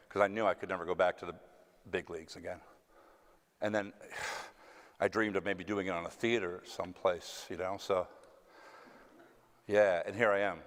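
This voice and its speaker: A man with a Texan accent, an actor telling stories to an audience in a theater, self-mocking and acting out the voices he quotes. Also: low-pitched. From West Texas. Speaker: actor answering audience questions. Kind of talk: casual storytelling Q&A. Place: theater stage. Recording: long hall reverb.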